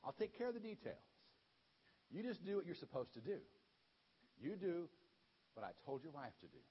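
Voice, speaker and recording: A relaxed, chatty angel messenger who reassures as he speaks, put on by a male storyteller. The voice sits high and swings widely in pitch. The recording sounds dull and lo-fi. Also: moderate pace, slightly rough, exaggerated voice. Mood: easygoing. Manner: laid-back, chatty, reassuring.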